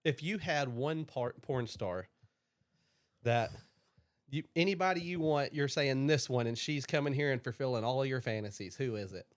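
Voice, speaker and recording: A man's voice: mid-range voice, moderate pace. A man co-hosting a comedy podcast, telling crude stories and laughing at his own jokes. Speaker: podcast co-host. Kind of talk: crude casual banter.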